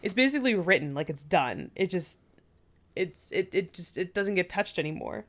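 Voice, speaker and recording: A woman's voice: fairly low pitch, very animated, normal speed. A young woman co-hosting a podcast in casual chat, blunt and chatty with lots of fillers. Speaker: podcast co-host.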